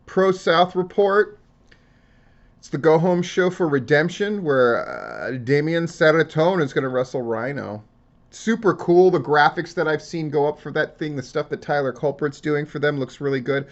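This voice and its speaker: A man's voice: on the high side, highs cut off. A man giving casual solo commentary on wrestling news, talking in a profane, rambling and emotional way. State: tearing up.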